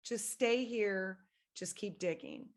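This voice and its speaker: A woman guest on a podcast, talking at a mid pitch in a reflective, meandering way. Her tone is casual and conversational, with plenty of fillers. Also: slow. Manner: reflective, rambling.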